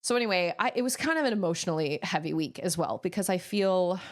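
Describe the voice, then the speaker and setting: A woman's voice: lowish voice, expressive, fast. Woman streamer, plain-spoken, talking through her frustrations to her chat. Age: adult. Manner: frank, venting about a hard week. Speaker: game streamer. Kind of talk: casual chat.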